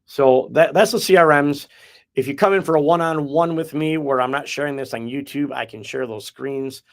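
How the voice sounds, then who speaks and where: A Midwestern man hosts a real estate podcast, explaining his methods in casual chat that is folksy, rambling, and full of restarts. His voice is fairly high and moves at a moderate pace.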